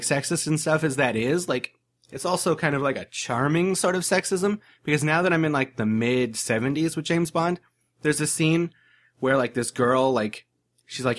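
A man co-hosting a casual podcast chat, rambling with lots of "like" as he retells movie scenes. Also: medium pitch. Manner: rambling, heavy use of "like", animated retellings.

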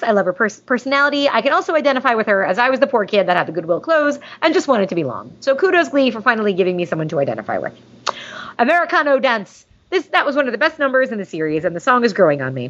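A woman's voice: fairly high pitch, a bit bright. A woman hosting a podcast, chatting casually and gushingly, with jokey asides. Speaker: podcast host reading listener mail. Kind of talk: casual fan chat. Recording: dull lo-fi sound.

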